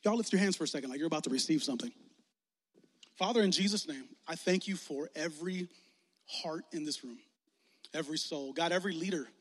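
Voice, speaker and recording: A young man preaching as a youth pastor in a casual, animated way, acting out quoted voices as he leads an altar call. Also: a little high, a little fast, long pauses. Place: large hall with audience. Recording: long hall reverb.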